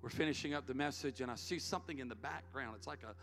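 A man's voice: medium pitch, quick pace, a bit bright. A middle-aged man, a pastor, telling a story in an earnest sermon, repeating key words for emphasis. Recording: long hall reverb, faint music. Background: faint music.

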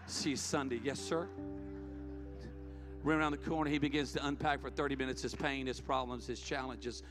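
Middle-aged male pastor, earnest storytelling sermon, long church-hall echo, soft music under. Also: medium pitch, steady tone, a little fast. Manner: earnest, emphatic, repeats key words. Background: faint music.

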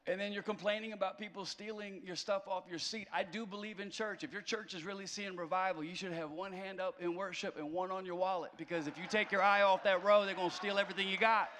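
A man's voice: high voice, steady tone, quick pace, hardly any pauses, pushed and bright, big-room sound. A man preaching a conversational sermon as a pastor, mixing self-deprecating humor into his message.

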